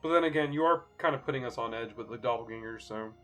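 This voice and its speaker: A man's voice: medium pitch, fast talker, fairly bright tone, soft background music. Joking man playing at a game table. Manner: joking, chatty. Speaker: player. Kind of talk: casual chat at a game table.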